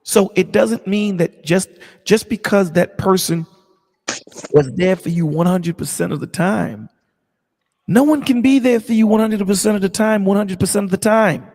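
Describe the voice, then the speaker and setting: A man's voice: high-pitched, normal speed, darkish tone, in a large hall. A man in a casual discussion, talking emphatically and repeating his points like a preacher. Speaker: stream co-host.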